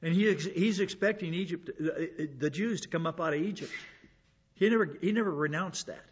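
A man's voice: fairly high pitch, a little fast, slightly rough, muffled recording. A man giving an informal Bible lesson, chatting along, repeating words and asking rhetorical questions. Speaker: Bible teacher.

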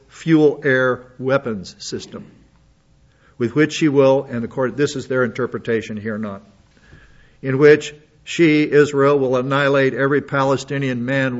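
A man reading news articles aloud and adding his own comments and asides. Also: mid-range voice. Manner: reads aloud with asides and restarts. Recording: dull lo-fi audio.

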